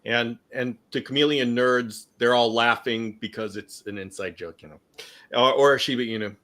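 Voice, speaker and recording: A man's voice: mid-range voice, normal speed, sharp tone. A middle-aged man from California hosting a casual livestream, chatting and reading viewer comments aloud. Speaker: livestream host.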